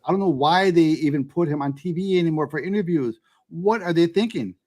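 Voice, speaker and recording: A man's voice: on the high side, brisk, darkish tone. A man co-hosting a casual political chat, speaking indignantly and emphatically.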